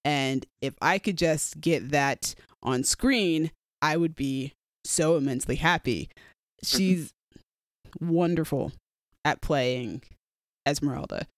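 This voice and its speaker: A woman's voice: low voice, takes it slowly, no room sound. A woman co-hosting a podcast, talking enthusiastically with many fillers about her fan casting picks. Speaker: podcast co-host. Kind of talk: casual fan-casting chat.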